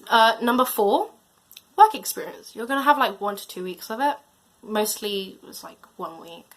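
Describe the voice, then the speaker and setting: A woman's voice: mid-range voice, fairly bright tone. A teenage girl giving casual advice as a student vlogger, chatty and slangy, her volume drifting up and down. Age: late teens.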